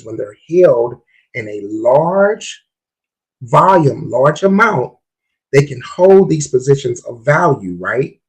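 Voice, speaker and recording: A man's voice: medium pitch, animated, a little slow, husky, poor audio. A man hosting a podcast, talking about investing in a casual, emphatic way, repeating himself to drive points home. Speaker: podcast host.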